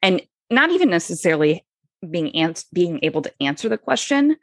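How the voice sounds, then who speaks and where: Low-voiced woman chatting, dry and close. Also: sing-song, a little fast, dry recording. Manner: rambling, many fillers, acts out quotes. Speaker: podcast co-host, parent. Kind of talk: casual podcast conversation.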